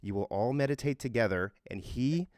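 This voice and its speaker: A man's voice: mid-range voice, a little fast, darkish tone, no room sound, clean studio sound. A man co-hosting a casual podcast, telling a story earnestly with frequent fillers and restarts. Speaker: co-host.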